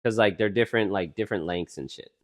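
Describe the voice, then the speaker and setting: A man's voice: fairly low pitch, quick pace. A young man co-hosting a casual podcast. He rambles with many fillers and teases his co-host. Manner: rambling, full of fillers, teasing.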